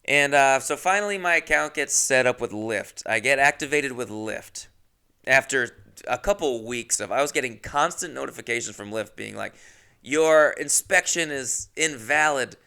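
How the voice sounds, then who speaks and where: Brief: a podcast host telling a comic monologue, gravelly and smooth, loose and profane. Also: male voice, mid-range voice, moderate pace, bright, forceful tone. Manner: rambling, profane, self-mocking.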